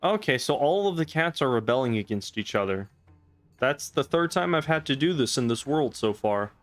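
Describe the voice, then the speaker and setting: A man's voice: medium pitch, expressive, normal speed. A young man giving sardonic, profane commentary while playing a game, mocking the story. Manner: sardonic, swears, mocks the story. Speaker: let's play host. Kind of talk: comedic gameplay commentary. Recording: faint background game music.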